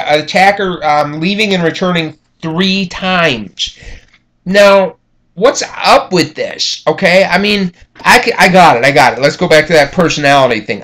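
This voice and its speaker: Casual higher-voiced man lecturing. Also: pushed and bright. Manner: casual, conversational, frequent fillers and "okay?" check-ins. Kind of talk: recorded classroom lecture.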